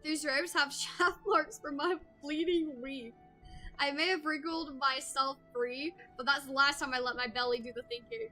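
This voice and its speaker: A woman reading a gruff male pirate guildmaster's game dialogue aloud, with salty seafaring speech. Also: sits high, normal speed, pushed and bright, soft background music. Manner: salty seafaring speech, calls others lass.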